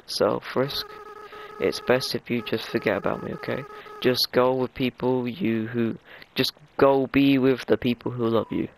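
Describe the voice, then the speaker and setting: A man voicing a gentle, tearful young male goat monster from a video game, in a soft, halting, choked-up voice. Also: medium pitch, fairly even intonation, vocal fry, a little hiss or hum, rough recording. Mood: sad farewell. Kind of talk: voicing game dialogue aloud. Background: game music.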